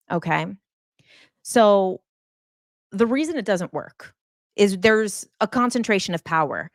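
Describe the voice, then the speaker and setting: A woman's voice: mid-range voice, lively intonation, measured pace, long pauses, dry recording, clean studio sound. A woman host, talking in a casual, emphatic monologue full of fillers. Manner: chatty, emphatic, many fillers. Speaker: podcast host.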